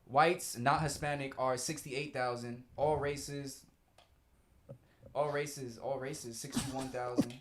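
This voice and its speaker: A man's voice: medium pitch, steady tone, slow pace, pauses often, slight background noise. A man co-hosting a casual podcast chat, reading comments and figures aloud and laughing often. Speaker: podcast co-host. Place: podcast studio.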